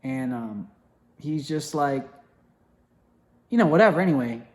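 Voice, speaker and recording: Telling a personal tale in a relaxed, loose style, this young man speaks in a voice a bit high for a man. He's animated, often breaking off to start sentences again amid lots of fillers, and briefly imitates the voices of those in the story.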